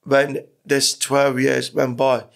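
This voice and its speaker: Gravelly middle-aged man telling stories. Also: mid-range voice, monotone, slow pace. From Iran. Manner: candid, swears freely, rambling. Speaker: podcast guest. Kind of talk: casual storytelling interview.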